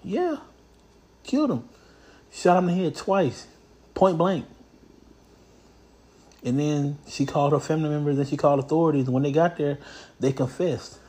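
Profane, animated man riffing on news. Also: a little high, normal speed, long pauses. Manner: animated, profane, blunt storytelling. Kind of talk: casual comedic commentary on news.

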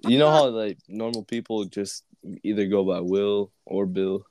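A man's voice: lowish voice, unhurried, rough recording. A man co-hosting a casual podcast, telling stories with lots of laughter. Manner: animated storyteller, laughs between lines. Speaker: podcast co-host. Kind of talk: casual chat, storytelling.

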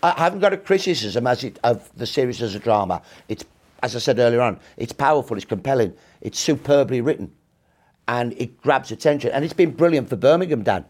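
A man's voice: mid-range voice, expressive, fairly quick, a little mellow. A man in his sixties, a historian guest telling history in emphatic, punchy short clauses during an interview.

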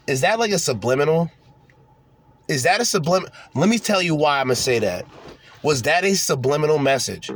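A man's voice: on the high side, animated, fairly quick. A young man hosting a podcast, reading articles aloud and breaking off into sarcastic, profane commentary. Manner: sarcastic, profane, mocking asides. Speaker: podcast host. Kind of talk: casual unscripted rant reading articles aloud.

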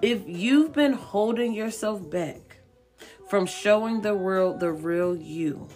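A woman's voice: mid-range voice, takes it slowly, a little mellow, faint music behind. A woman reading tarot cards for viewers in a casual way. She is blunt, profane and encouraging, and she repeats her points for emphasis. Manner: coaxing and encouraging. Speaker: tarot card reader.

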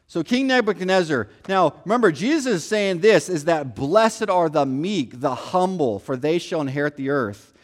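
Male pastor, a bit high-pitched, chatty sermon delivery, acts out quoted lines. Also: lively intonation, moderate pace, hardly any pauses. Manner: conversational preaching, acts out quotes, repeats "here's the thing".

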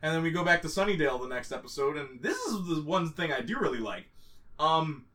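Casting: young man, bright forceful voice, excitable recapper, slightly distant from the mic. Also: a little high. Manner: fast, excitable storytelling, slips into quoted voices. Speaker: co-host recapping a TV series. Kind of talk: casual chat.

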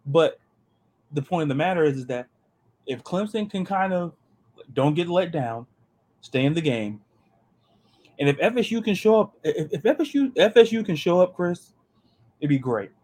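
A man hosting a sports podcast, talking in an animated, joking way and often repeating his words. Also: fairly high pitch, normal speed, pauses often. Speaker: podcast host. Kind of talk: casual sports chat.

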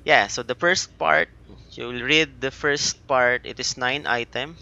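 A man's voice: mid-range voice, fairly even intonation, a little slow, vocal fry, bright, forceful tone. A young Filipino man with a Filipino accent hosting a casual chat, encouraging and full of fillers. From Philippines. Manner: encouraging, with frequent fillers and laughs. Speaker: podcast host. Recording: dull lo-fi sound.

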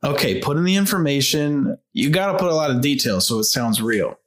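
A man's voice: fairly high pitch, expressive, brisk, a bit bright. An actor playing a cocky, laid-back male coworker with a Nepalese accent at a sketch table read. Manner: cocky, easygoing, ends lines with man. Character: laid-back male coworker, boastful, says man constantly.

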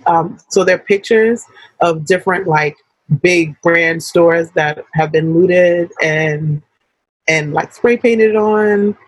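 A young adult woman co-hosting a casual podcast, talking in an animated, slangy way with quick asides. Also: lowish voice, no echo, low-quality recording. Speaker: podcast co-host.

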